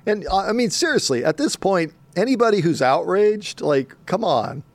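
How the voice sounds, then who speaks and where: Animated male sports talk host. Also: high-pitched, moderate pace, dry recording. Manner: animated, laughing, mock voices for emphasis.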